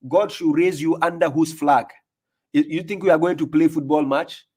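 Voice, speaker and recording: A man's voice: a little high, steady tone, moderate pace, dark tone. A man giving combative commentary as an online preacher, mocking the clips he plays and firing off rhetorical questions. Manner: laughs in scorn.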